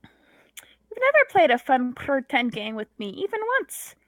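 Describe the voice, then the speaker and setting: A playful, cat-loving troll girl from a webcomic reading, as a woman acts her out, high and bouncy with a purring rolled R. Her voice swoops a lot as she coaxes. The sound is dry and close. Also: big pitch swings, unhurried, fairly bright tone, dry recording, exaggerated voice. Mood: coaxing.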